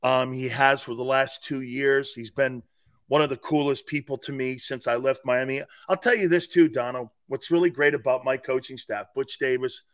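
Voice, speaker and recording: This fifty-something man, a onetime player turned sports radio host, appears as a podcast guest in a laid-back conversation. He talks at an ordinary speed in a mid-range voice, forceful and lively, sometimes erupting loudly.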